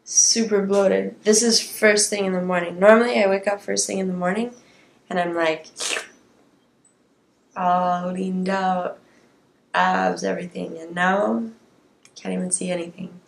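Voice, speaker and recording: Raspy woman vlogging in an echoey room. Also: on the low side, fairly even intonation, a little slow, pauses often. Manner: chatty, candid, talks to viewers directly. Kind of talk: casual video diary.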